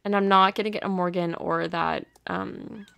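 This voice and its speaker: A woman hosting her gaming channel in casual commentary, gushing and excitable as she talks to the horses in her game. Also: fairly low pitch, moderate pace, creaky, clear, resonant tone.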